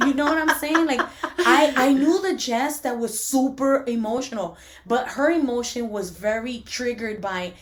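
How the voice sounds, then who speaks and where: A woman in her forties co-hosting a casual faith podcast, telling stories with lots of laughter and many "like" fillers, sometimes going soft and hushed. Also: fairly high pitch, unhurried, noisy background. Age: 40s. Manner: animated storyteller, laughs often, drops to a hushed tone when preaching. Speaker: podcast co-host.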